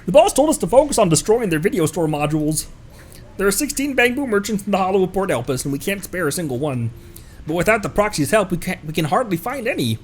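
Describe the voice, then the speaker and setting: A man's voice: high-pitched, big pitch swings, quick pace, a little hiss or hum. Playful man reading game dialogue. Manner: playful, voices the characters. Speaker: streamer.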